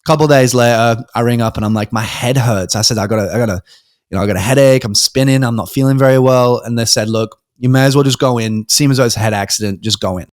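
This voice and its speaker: A man's voice: medium pitch, quick pace, dry recording. Young British man telling a story, dry sound. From Britain. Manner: animated storyteller, acts out quoted voices, frequent ums and restarts. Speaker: podcast guest. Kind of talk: casual storytelling.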